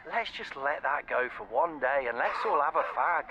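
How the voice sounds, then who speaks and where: Man doing a rambling comic radio reporter, high bright voice, chatty, dull lo-fi sound. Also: lively intonation, normal speed, noisy background, lightly acted. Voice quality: chatty and rambling, calls people baby. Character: cheery rambling male street reporter, oblivious. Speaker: roving street reporter. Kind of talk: comedy radio sketch.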